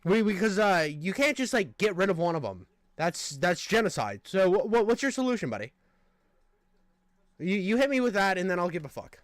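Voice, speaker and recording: A man's voice: high voice, very animated, normal speed, no echo, studio quality. A young man streaming, ranting heatedly and arguing with a critic in profane, combative language. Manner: profane, argumentative, addressing a critic directly. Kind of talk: heated live-stream rant.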